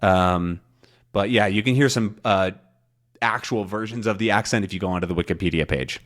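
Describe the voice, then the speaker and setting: Rambling man teaching in a lowish voice. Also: moderate pace, fairly bright tone. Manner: rambling, thinking aloud with many fillers. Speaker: English teacher. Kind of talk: casual teaching monologue.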